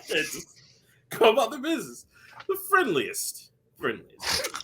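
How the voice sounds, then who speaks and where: Lively, high-voiced man. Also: unhurried, a little hiss or hum. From Alabama, USA. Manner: animated, laughing, jokes with impressions. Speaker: podcast co-host. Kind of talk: casual comedic chat.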